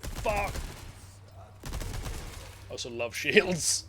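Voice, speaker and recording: A man streams a video game, rambling and joking casually as he plays and swearing freely. His lowish voice is expressive and moves at normal speed over a noisy background.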